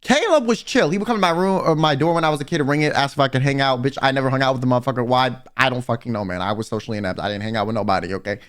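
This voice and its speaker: A young man telling a personal storytime in casual, profane slang, animated and blunt. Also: medium pitch, racing, few pauses, clear, resonant tone. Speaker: vtuber and livestreamer. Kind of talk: storytime rant.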